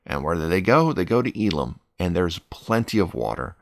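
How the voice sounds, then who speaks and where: Gravelly low-voiced man teaching scripture. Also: sing-song, moderate pace, dry recording, clean studio sound. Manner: reads scripture then explains it plainly; earnest, rises when urging prayer. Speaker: Bible teacher. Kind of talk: devotional Bible reading and commentary.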